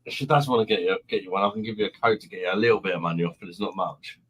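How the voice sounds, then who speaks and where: A man with a lowish voice and a bright, forceful edge hosts a relaxed live stream, chatting with viewers. He laughs a lot and keeps up crude, cheeky banter. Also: very fast, husky. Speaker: host of an online pub live stream. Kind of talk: casual live-stream chat, reading out viewer comments.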